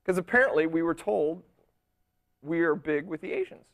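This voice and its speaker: A talk show host from Arizona, a man with a slightly high voice that swings up and down a lot. He banters loosely and cracks off-color jokes in a relaxed studio chat. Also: normal speed. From Arizona, USA. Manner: animated, joking, bawdy. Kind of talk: casual late-night chat.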